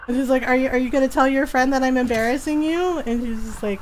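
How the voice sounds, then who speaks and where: A woman's voice: high voice, fairly quick, darkish tone, poor audio. A woman in her forties chatting casually while streaming a game, telling stories with frequent giggles. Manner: giggly storytelling. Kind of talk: casual gameplay chat.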